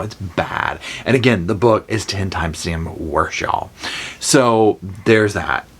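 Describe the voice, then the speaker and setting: A man with a drawl tells a movie story in a relaxed, chatty way, sprinkling in "y'all". His voice sits a bit low. He slips into little voiced quotes as he goes. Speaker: movie review host. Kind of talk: casual storytime movie recap.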